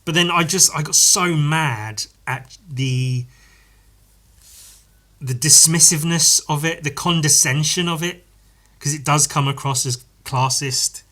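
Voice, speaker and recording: A male podcast host with a bright, forward, slightly high voice talks unhurriedly through a casual solo episode. He rambles, pauses to correct himself, restarts sentences, and swears freely in everyday chat.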